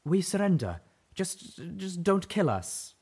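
A man's voice: sits low, fairly quick, a little mellow. A man voicing a starving, fearful zebra mare in an audiobook, her voice cracking and bitter. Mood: pleading. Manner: pleading, fearful. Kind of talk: audiobook character voice.

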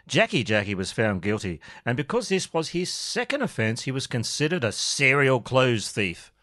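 A man's voice: mid-range voice, big pitch swings, normal speed, bright, forceful tone. A man co-hosting, recounting a comic history story in a dry, matter-of-fact way. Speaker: podcast co-host.

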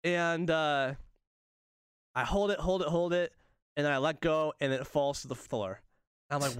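A young man spins a funny anecdote in easy, casual chat, laughing often and slipping into the voices of the people in it. His voice sits a little high and comes through smooth and clear. The sound is close and dry, with no room around it. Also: moderate pace, pauses often, dry recording.

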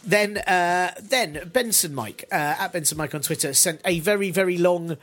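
A man's voice: high-pitched, normal speed, a bit bright. A man hosting a podcast, reading out listener replies with dry, jokey asides. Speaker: podcast host.

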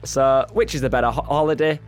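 A man's voice: medium pitch, steady tone, quick pace, soft background music. A man co-hosting a podcast in casual chat, jokey and laughing often, sometimes stumbling over words. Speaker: podcast co-host.

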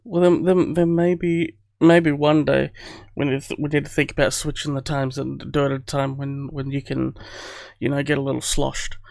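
A man's voice: mid-range voice, level tone, moderate pace, gravelly, a little mellow, dry recording, clean studio sound. A man co-hosting a podcast, talking in a laid-back way and laughing easily. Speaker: podcast co-host. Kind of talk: casual chat.

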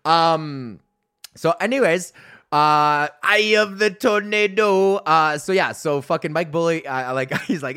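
A man's voice: on the high side, a little slow, pushed and bright, smooth, dry recording, clean studio sound. A man in his thirties hosting his own podcast, telling a long stand-up comedy story in a rambling, profane, laugh-prone way. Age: 30s. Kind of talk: casual storytelling monologue.

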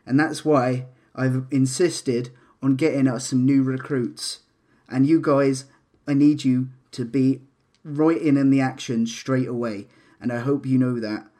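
A man narrating as game master in a relaxed tabletop session. He rambles, restarts often and leans on fillers as he describes the scene, in a voice of middling pitch. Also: a little slow.

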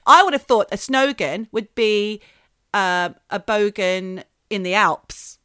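A woman's voice: mid-range voice, takes it slowly, sharp tone, smooth, dry recording, clean studio sound. A woman co-hosting a casual podcast chat, playful and punning as she teases her co-host. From Australia.

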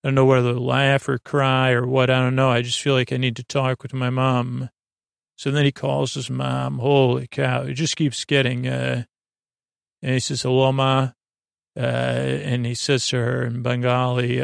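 A man's voice: medium pitch, creaky, no room sound, clean studio sound. A man hosting a sleep podcast, recapping a show in a casual, rambling way with many hesitant fillers.

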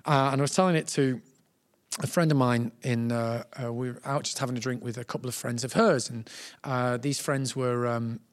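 A man, a talk show guest and actor, telling a self-mocking story in a lively, animated way. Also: medium pitch, normal speed. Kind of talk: casual anecdote.

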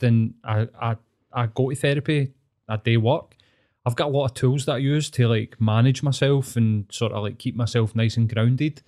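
A Glaswegian man with a mid-range, darkish voice tells a long personal story during a casual podcast chat. He rambles and swears a lot, yet stays earnest throughout.

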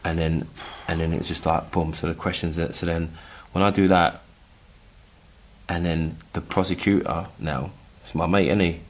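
Middle-aged english guy, low voice, halting storytelling, keeps restarting and doing the voices of people he quotes. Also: fairly even intonation. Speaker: guest telling his story. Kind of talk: casual storytelling chat.

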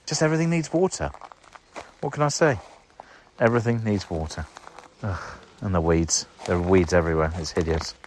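A man's voice: low voice, brisk, pauses often, a little hiss or hum. A man hosting a gardening show, chatting wryly and casually while working outdoors in his garden. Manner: chatty, wry and self-deprecating. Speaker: gardening podcast host. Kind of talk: casual walk-and-talk gardening commentary.

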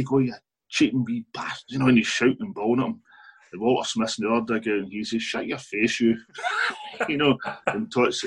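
A Scottish man with a lowish, husky voice spins a football yarn as an interview guest. He talks in a relaxed, anecdotal way, laughs often, and keeps restarting his sentences. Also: poor audio. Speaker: author and guest. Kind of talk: casual interview storytelling.

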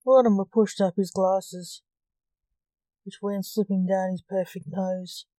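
A woman narrating a dark storybook tale in a measured, even way. Her pace is slow, her tone mellow, and the recording is close and dry. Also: mid-range voice, dry recording, rough recording.

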